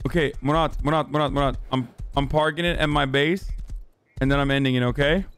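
A man's voice: medium pitch, steady tone, brisk, fairly bright tone, smooth, faint music behind. A man in his thirties streaming a game roleplay, with loose, profane, joking banter.

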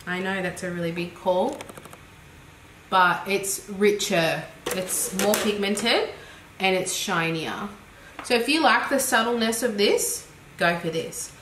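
An Australian beauty vlogger reviews makeup in a casual, chatty, giggly manner, thinking aloud as she goes. Her mid-range voice takes things slowly, recorded in an echoey room with faint noise.

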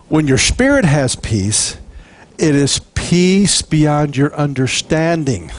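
A man preaching a sermon, animated and chatty, acting out little scenes and chuckling between points. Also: a little high, slow pace. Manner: animated, jokes and acts out quotes. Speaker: pastor.

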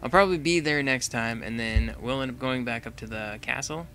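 A man's voice: medium pitch, brisk, a bit bright, soft background music. A young man giving casual, chatty commentary while playing a building game, thinking aloud and laughing often. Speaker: gaming channel host.

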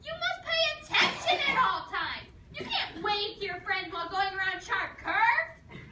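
A woman doing a shrill nagging mom. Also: expressive, moderate pace, sharp tone, full character voice. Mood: shrill yelling. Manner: high-pitched, drilling, overcautious. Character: fussy nagging middle-aged mother. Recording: echoey room, mic far off, noisy.

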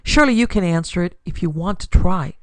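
A woman voicing an arrogant, demanding young woman with a clear, imperious tone. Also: lowish voice, animated, brisk, no room sound, close to an everyday voice. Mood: haughty.

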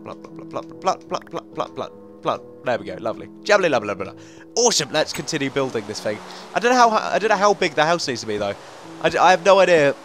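A young man with a blocked nose, rambling excitedly through let's-play game commentary. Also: medium pitch. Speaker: gaming video host.

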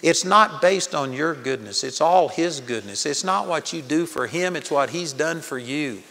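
A man's voice: fairly high pitch, animated, moderate pace, fairly bright tone, long reverb tail. An older man preaching a sermon at a Bible college, telling stories in an earnest manner. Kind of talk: sermon teaching. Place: large hall with audience.

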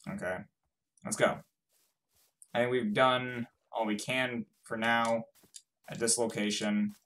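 A young man giving casual, swearing let's-play commentary, swinging from mumbling to frantic yelling. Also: medium pitch, fairly even intonation, slow, a little hiss or hum. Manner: swears a lot. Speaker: gaming YouTuber.

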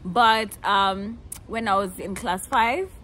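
Kenyan woman, twenties, casual storytelling, playful, expressive, faint background noise. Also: medium pitch, takes it slowly. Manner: animated, playful, laughs often, acts out quotes. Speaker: vlogger.

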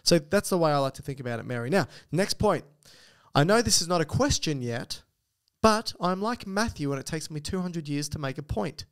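A man's voice: a little high, lively intonation, brisk, clear, resonant tone. A man with an Australian accent co-hosting a podcast, chatting casually, reading out listener emails and explaining things with joking asides. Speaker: podcast co-host.

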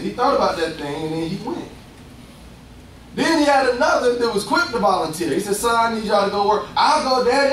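A young man preaching a lively, conversational sermon, acting out voices and laughing often. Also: high-pitched, a little hiss or hum. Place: church. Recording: echoey distant room sound.

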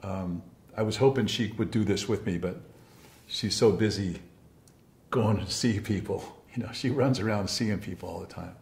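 Low-voiced man reminiscing in an echoey room. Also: normal speed, vocal fry, darkish tone. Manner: rambling and heartfelt, with many restarts and fillers; apologetic. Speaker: former encounter group leader. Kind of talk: reflective personal recollection.

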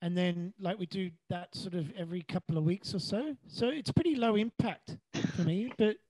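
Laid-back aussie voice actor, kinda high voice, dry sound. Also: male voice, normal speed, darkish tone, no room sound, rough recording. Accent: Australian. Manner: easygoing, chuckling. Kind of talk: casual interview chat.

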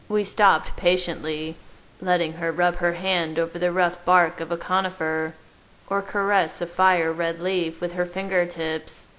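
Slow, low-voiced woman reading a story. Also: rough recording. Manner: slow, gentle, measured reading. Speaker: fan fiction reader. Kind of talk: storybook narration read aloud.

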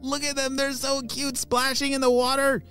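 A man's voice: very high voice, completely flat delivery, moderate pace, fairly bright tone, soft background music, voice pushed up. A man doing a sweet, cooing young girl.

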